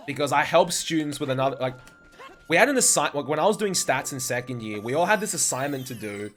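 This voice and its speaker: A man's voice: mid-range voice, a bit bright. A young man, chatting casually and swearing often while playing a game on a live stream. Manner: swears often, rambling anecdotes with fillers.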